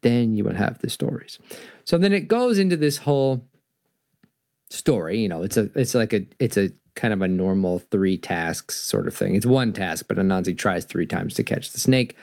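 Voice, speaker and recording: A man hosting a talk show, reading stories aloud and explaining what they mean in an animated way. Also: lowish voice, normal speed, no room sound, clean studio sound. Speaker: podcast host. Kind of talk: storytelling and philosophy talk.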